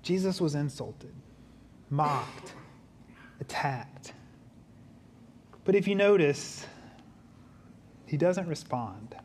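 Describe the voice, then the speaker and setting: A male pastor preaches very slowly, pausing often, as he shifts from hushed, low emphasis into animated, humorous asides in a chatty tone. A faint hiss or hum sits under the recording.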